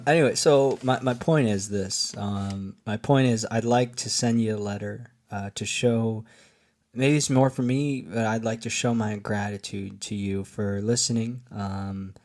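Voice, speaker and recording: Casual male podcast host, slightly low voice, meandering and a bit tipsy. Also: darkish tone. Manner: meandering, full of fillers and restarts. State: a little tipsy from wine. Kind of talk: rambling solo podcast monologue.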